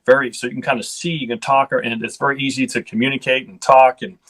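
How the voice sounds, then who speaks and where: A man's voice: mid-range voice, little pitch movement, fast, a bit bright. A man in his fifties, from Ohio, telling casual stories as a guest, chatty and rambling with restarts. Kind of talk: casual storytelling.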